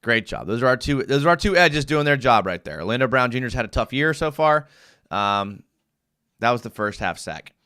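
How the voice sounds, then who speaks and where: Animated, bright-voiced male sports show host. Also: medium pitch, moderate pace, smooth. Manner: animated, reads chat comments aloud, gets worked up. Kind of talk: live sports film breakdown.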